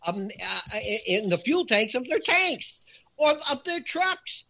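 A man with a bright, lively voice that swings widely between quiet asides and loud emphatic stretches. He talks in an animated, hard-pressing way, and the recording sounds dull and lo-fi. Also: very high voice, slow. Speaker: talk show guest. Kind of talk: animated opinion talk.

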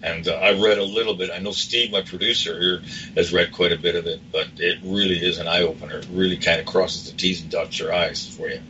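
A male radio host with a very low voice that still has a bright edge puts pointed questions to his guest and drops sarcastic remarks. He sounds set back from the mic, and the audio is dull with faint noise. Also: little pitch movement, brisk, distant mic. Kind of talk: radio talk show interview.

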